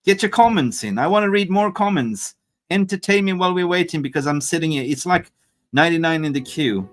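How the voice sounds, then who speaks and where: A man's voice: on the high side, lively intonation, moderate pace, faint music behind. A man hosting a casual live fan stream, joking loosely, swearing and reading viewer comments aloud. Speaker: fan channel livestream host.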